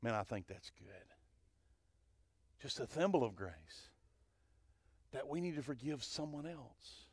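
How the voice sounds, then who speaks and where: Animated male pastor preaching, dry sound. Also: medium pitch, measured pace, pauses often, husky, dry recording. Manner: animated, swings between loud and hushed; asks the congregation questions. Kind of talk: sermon. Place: church sanctuary.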